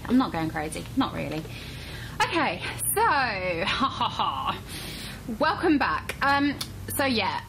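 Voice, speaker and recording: A woman hosting her weekly paranormal vlog, chatty and animated, throwing out rhetorical questions. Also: medium pitch, slight background noise, poor audio. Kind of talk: casual chat to camera.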